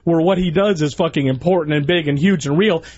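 A man's voice: a little high, brisk, darkish tone. A man firing back with sarcastic, profane retorts in a heated radio argument. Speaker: radio show regular. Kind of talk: heated on-air trash talk. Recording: dull lo-fi radio audio.

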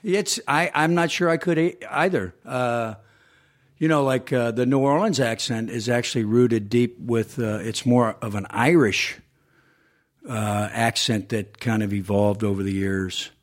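A man's voice: medium pitch, unhurried. A man in his fifties from the American South, a guest actor in a casual chat, rambling with many fillers. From southern United States.

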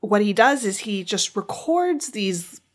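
A woman's voice: medium pitch, big pitch swings, slow. A woman co-hosting a podcast, talking casually and rambling with restarts. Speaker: podcast co-host. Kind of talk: casual chat.

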